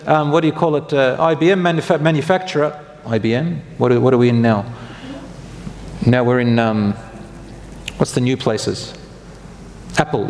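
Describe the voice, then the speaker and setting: A man's voice: on the high side, gravelly, darkish tone. A man giving a religious lecture to a congregation in a conversational way, putting questions to the audience and correcting himself as he goes. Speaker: Islamic preacher. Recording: long hall reverb.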